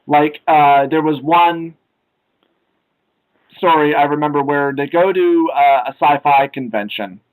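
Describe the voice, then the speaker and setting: A young man co-hosts a casual podcast chat with a slightly high-pitched voice. He rambles with plenty of filler sounds and throws in loud acted-out quotes. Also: a little slow, poor audio. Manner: rambling, many filler "uh"s, acts out comic lines loudly. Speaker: podcast co-host.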